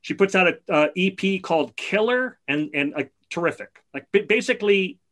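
Bright-voiced enthusiastic middle-aged man. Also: sits high, animated, moderate pace. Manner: enthusiastic storyteller. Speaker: podcast co-host. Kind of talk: casual chat.

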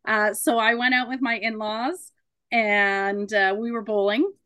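A woman mediator, around her thirties, giving a relaxed talk to a support group, animated and laughing as she acts out quoted voices. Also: fairly high pitch, a little slow, smooth.

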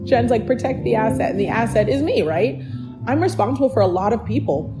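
A woman's voice: fairly high pitch, lively intonation, fairly quick. A woman hosting a podcast, telling a personal story in an earnest, encouraging way and speaking straight to the listener. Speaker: podcast host. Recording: music playing behind the voice.

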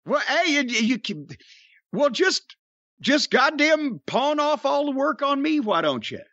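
A man hosting a podcast, gruff and profane, trading wisecracks in casual banter. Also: very high-pitched, very animated, unhurried, pushed and bright, dry recording. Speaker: podcast host. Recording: dry, dull lo-fi sound.

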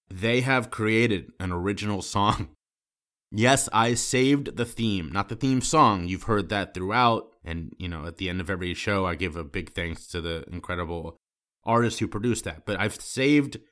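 Deep-voiced male podcast host, tearful and halting. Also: a bit bright. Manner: choked up, halting, with repeated restarts. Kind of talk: emotional closing monologue.

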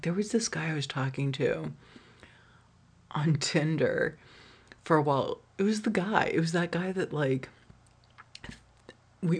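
A woman with a low, husky, slightly mellow voice hosts a solo podcast. She tells candid, profane stories packed with "like," laughing often and trailing off into restarts.

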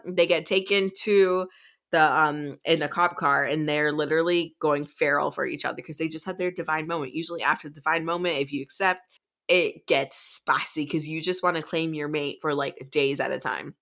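Low, bright-voiced woman recapping casually. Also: normal speed. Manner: animated, profane, chatty recapping. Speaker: podcast co-host. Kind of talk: casual book discussion.

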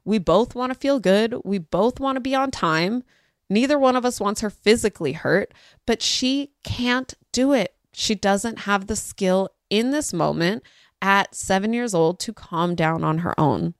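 A woman hosts a parenting talk in a casual storytelling way. Her pitch leaps high whenever she acts out what someone said. The recording is close and dry. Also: a little slow, no echo. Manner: animated, acts out quoted voices with pitch jumps. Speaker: parenting podcast host.

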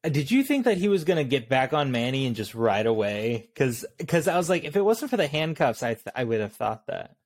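A man co-hosting a casual movie podcast, musing aloud in a relaxed way. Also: mid-range voice, a little fast, few pauses. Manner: relaxed, thinking aloud with fillers. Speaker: podcast co-host.

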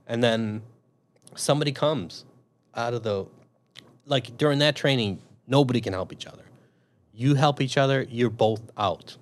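A man's voice: mid-range voice, normal speed, long pauses. A man telling a story in casual chat, swearing often and acting out his own thoughts. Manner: profane, animated storyteller.

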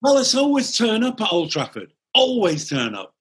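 A man's voice: sits high, huge pitch swings, normal speed, a bit bright, breathy edge. A man guesting on a football podcast, teasing and pessimistic, cutting in with questions. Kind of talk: casual football podcast chat.

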